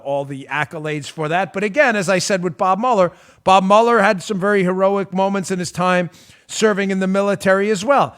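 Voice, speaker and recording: A fired-up man hosting a political talk show, his voice pitched high for a man. He hammers the same questions again and again and lets his frustration spill over. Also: fairly bright tone. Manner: emphatic, repetitive rhetorical questions, bursts of frustration. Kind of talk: heated political commentary.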